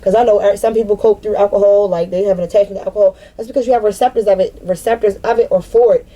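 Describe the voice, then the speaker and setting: A woman in her thirties speaks straight to the camera in an unscripted spiritual vlog. She vents bluntly and swears freely, circling back over her points. Her voice is warm and mellow at a middle pitch. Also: steady tone, rapid-fire. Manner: blunt and profane, repeats herself for emphasis. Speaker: spiritual vlogger. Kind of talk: unscripted venting monologue.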